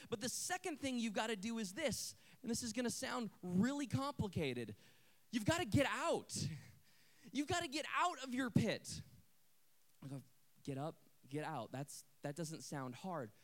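High-voiced man preaching a lively sermon. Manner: dramatic storytelling, swings from hushed to loud. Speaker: pastor.

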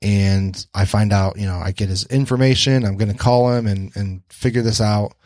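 A man's voice: on the low side, fairly even intonation, normal speed, darkish tone, no room sound. A man hosting a podcast, telling a story casually, swearing freely and acting out the lines of the people in it. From Detroit area. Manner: swears freely, acts out quoted dialogue. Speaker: podcast host.

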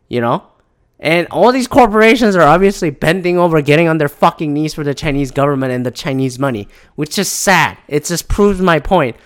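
A man with a somewhat high-pitched voice rants in a heated, profane, casual way. He keeps slipping into mocking voices to imitate others. His delivery is loose and worked up. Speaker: commentator. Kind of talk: ranting casual commentary.

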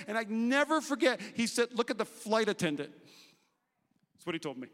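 A young man preaching a sermon, telling a story with animated swings from hushed lines to shouts. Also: extremely high pitch, brisk, pauses often. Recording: reverberant hall.

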